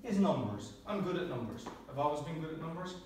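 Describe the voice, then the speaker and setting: A man's voice: on the high side, sing-song, fast, a little mellow, a little hiss or hum. Joking Irish man in echoey room. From Ireland. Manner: joking, self-deprecating, chuckles often. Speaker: club speaker. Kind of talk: prepared humorous speech. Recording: very echoey room, distant mic.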